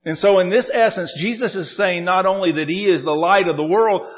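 A man preaching a sermon, teaching verse by verse and slowing down to lift up the quoted lines. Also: sits high, animated, lo-fi sound. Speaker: pastor.

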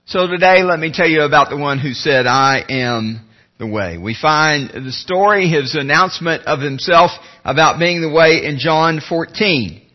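A man preaching a sermon as pastor, earnest, slowing and dropping low when he reads scripture. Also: lo-fi sound. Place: church sanctuary.

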